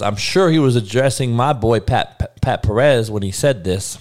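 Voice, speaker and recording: A man's voice: mid-range voice, lively intonation, fairly quick, few pauses, a little mellow. A young man hosting a live sports podcast, talking bluntly and rambling, with lots of swearing. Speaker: podcast host.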